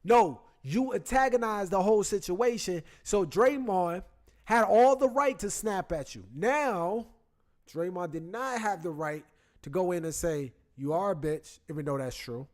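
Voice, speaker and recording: A man hosting a casual sports chat, talking into his computer, retelling the game in animated, slangy detail. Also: sits high, measured pace. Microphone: computer mic.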